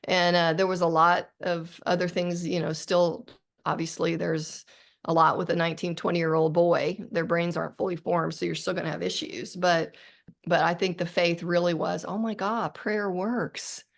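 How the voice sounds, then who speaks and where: A woman's voice: fairly low pitch, flat delivery, normal speed, creaky. A middle-aged woman, an author guest on a podcast interview, talking earnestly and reflectively with frequent restarts.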